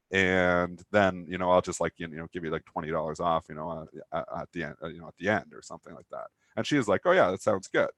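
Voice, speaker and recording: A man's voice: low voice, a bit bright, no echo. A man co-hosting a live talk show, telling a long rambling story with lots of fillers. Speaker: co-host of a trading talk show. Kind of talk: casual anecdote chat.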